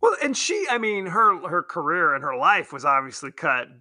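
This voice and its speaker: A man co-hosting a podcast, rambling and joking in casual movie chat, quick to laugh. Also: a little high, big pitch swings, pushed and bright, no echo, studio quality. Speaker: podcast co-host.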